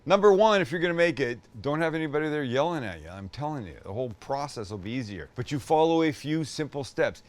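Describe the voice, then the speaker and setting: A man's voice: fairly high pitch, no room sound. An older man hosting a cooking show, chatting casually with joking, self-deprecating asides as he demonstrates a recipe. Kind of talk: casual cooking demo chat.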